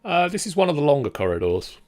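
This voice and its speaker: A man's voice: a little high, big pitch swings, fast. A man narrating as game master in a tabletop game, describing scenes plainly. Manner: plain, matter-of-fact narration.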